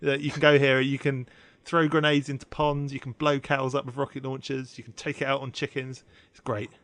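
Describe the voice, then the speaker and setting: A man's voice: medium pitch, little pitch movement, fairly quick, a bit bright, no echo. A man co-hosting a casual podcast, presenting a story and laughing often as he tells it. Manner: giggly, keeps laughing while telling.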